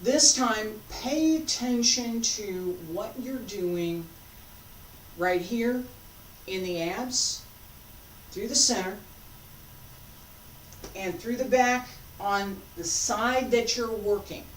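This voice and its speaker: Slow-paced woman teaching qigong, echoey room. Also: mid-range voice. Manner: calm, guiding cues paced to breathing. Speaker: qigong instructor. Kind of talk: teaching a movement class. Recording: echoey room, distant mic, faint noise.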